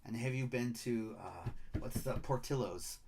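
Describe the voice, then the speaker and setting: Hosting a live card break, a middle-aged man from Michigan, USA, keeps up friendly, upbeat patter and lists player names in his Michigan accent. His voice is medium-pitched, a little mellow, and unhurried.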